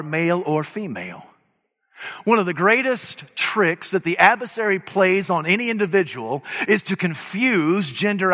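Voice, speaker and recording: A man preaching a sermon to a crowd, emphatic, swinging between loud declarations and quiet remarks. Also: high-pitched. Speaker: pastor. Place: church sanctuary before a crowd. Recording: live hall with long reverb.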